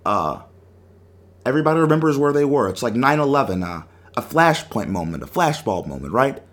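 Animated young man hosting sports talk. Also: mid-range voice, brisk. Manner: animated storytelling, acts out quotes. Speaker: sports talk show host. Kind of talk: emotional sports talk monologue.

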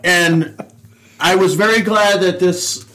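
A man's voice: high voice, steady tone, slow pace, fairly bright tone. Wry man chiming in with asides. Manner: chimes in with short wry asides. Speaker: podcast co-host, former police officer. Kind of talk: casual chat.

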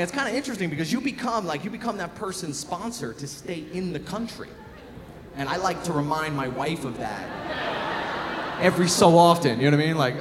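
A man doing a sarcastic, animated stand-up set on a club stage. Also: high-pitched. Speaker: stand-up comedian. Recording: live room with long reverb and crowd noise.

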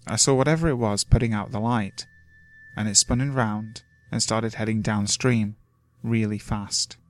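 A man's voice: on the low side, fairly even intonation, moderate pace. Man narrating a creepy woods story. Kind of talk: scripted horror story narration. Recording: faint music underneath.

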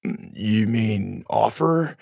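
Guy voicing a big dumb muscle kid, slow, raspy, dry. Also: mid-range voice, very animated, no room sound, voice pushed up, full character voice. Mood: dopey. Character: big buff young male wrestler.

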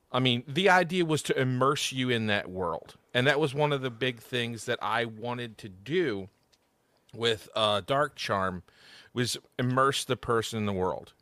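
Bright-voiced man telling a rambling story. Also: mid-range voice, dry recording. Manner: rambling storyteller with many restarts. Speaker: podcast host and audio drama creator. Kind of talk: casual podcast chat.

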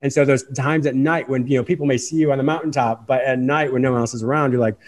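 A man speaking as an interview guest in a fast, animated way, acting out the questions he asks himself. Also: medium pitch. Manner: fast-talking, animated, acts out inner questions. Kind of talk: conversational interview.

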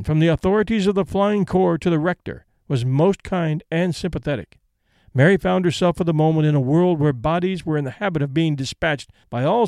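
A male narrator reads a classic short story in a measured, even manner. His voice sits a little high for a man, and the recording is close and dry. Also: dry recording. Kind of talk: scripted audiobook narration.

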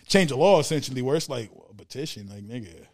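A man's voice: mid-range voice, lively intonation, brisk. A man hosting a casual podcast chat, talking emphatically and profanely, often repeating words as he builds a point.

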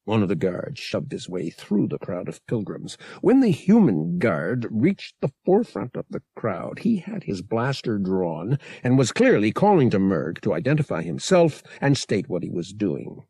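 A male audiobook narrator with a gravelly, husky voice and lively pitch. He reads steadily and picks up pace in the action. The sound is dry and close. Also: dry recording. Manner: steady storytelling, brisk in action.

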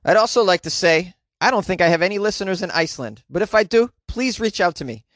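A man hosts a comedy news podcast, reading odd headlines aloud and tearing into them with sarcastic asides. His voice sits a little higher than most men's. The recording is dry and close, with no room sound. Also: expressive, fast talker, fairly bright tone, no room sound. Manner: sarcastic and jokey, mocking the stories. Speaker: podcast host.

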